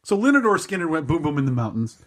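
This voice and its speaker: A man's voice: on the high side, big pitch swings, quick pace, a little hiss or hum. A man in his thirties co-hosting a podcast, telling a long story in a casual, rambling, self-mocking way. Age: 30s. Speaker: podcast co-host.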